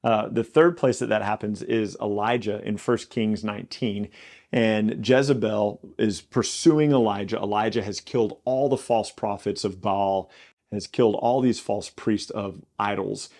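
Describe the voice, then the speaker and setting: Gravelly, conversational male Bible teacher. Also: lowish voice, steady tone, a little slow, a little mellow. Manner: conversational, self-correcting. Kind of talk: casual Bible teaching podcast.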